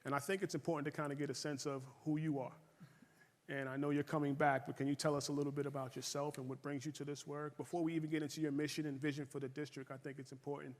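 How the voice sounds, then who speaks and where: A man hosting a community interview, speaking politely and affirming his guest. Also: a little high. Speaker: interview host. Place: public library hall. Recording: reverberant hall sound.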